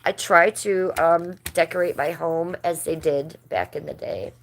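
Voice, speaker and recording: A woman's voice: fairly low pitch, fairly even intonation, unhurried, slight background noise. A middle-aged woman hosting a casual livestream, chatting and gossiping with her viewers and laughing often. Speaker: livestream host.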